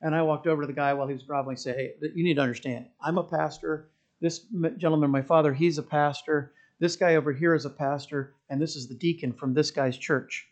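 A middle-aged man preaching a sermon as pastor, telling stories and building to loud, impassioned preaching. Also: fairly high pitch, fairly even intonation, fast.

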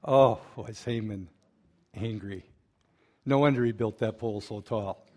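A man preaching a sermon, retelling a story with lively asides to the congregation. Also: on the low side, a little slow. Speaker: pastor.

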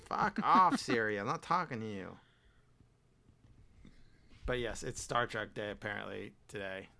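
Bright clear-voiced man reading old ads. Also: lowish voice, expressive, unhurried. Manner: reads old newspaper ads aloud, joking. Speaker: podcast co-host. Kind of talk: casual chat.

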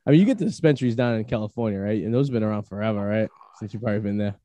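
A man hosting a podcast, telling rambling stories in a casual chat, laughing often and filling pauses with "uh". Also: on the low side, mellow, dry recording. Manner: rambling, laughing, many fillers. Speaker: podcast host. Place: Massachusetts.

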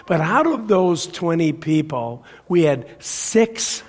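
A middle-aged male pastor delivering a sermon with a slightly raised pitch and a husky, breathy tone. He swings from loud, stressed phrases down to hushed near-whispers for effect. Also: sing-song, slow pace.

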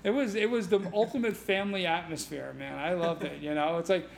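A middle-aged man, a martial arts instructor telling stories on a podcast, animated and laughing, swearing casually. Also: high voice, fairly quick, vocal fry, slight background noise. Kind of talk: casual storytelling.

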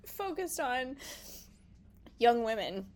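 Speaking with a group as a podcast guest, a middle-aged pediatrician from the United States offers a casual, heartfelt reflection that sometimes brings her to tears. She has a fairly high voice with a darkish tone.

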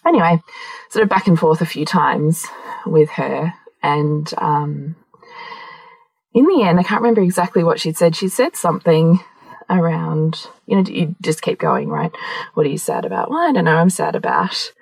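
A woman in her thirties chats on a podcast, telling personal stories with plenty of laughter and the odd swear word. Her voice is husky and lively, rising and falling a lot. The sound is dry and close. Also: sits low, moderate pace, no echo, rough recording. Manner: laughs often, swears, animated storytelling. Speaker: podcast co-host. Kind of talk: casual chat.

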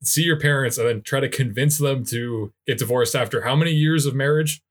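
A man co-hosting a podcast, trading dry, deadpan jokes in casual chat. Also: medium pitch, brisk. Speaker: podcast co-host.

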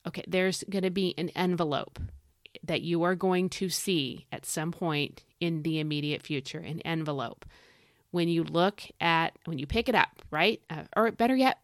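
A woman with a fairly low voice leads a devotional Bible teaching, reading the psalm and then unpacking it. She is earnest and conversational, and she repeats key lines for emphasis. The recording is dry and close, with no room sound. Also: no echo. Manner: conversational, speaks directly to the listener. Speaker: podcast host reading and teaching scripture.

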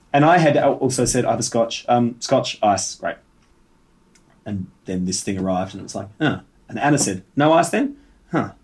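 A man co-hosting a casual podcast chat, telling a rambling anecdote with halting restarts. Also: medium pitch, a little mellow. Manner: rambling storyteller, halting restarts, bursts of laughter. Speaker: podcast co-host.

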